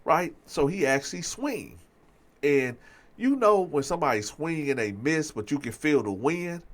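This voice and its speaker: A man telling a personal story in casual talk to his viewers, getting louder and higher when excited. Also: normal speed. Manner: animated, swings loud and high when excited. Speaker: storyteller host.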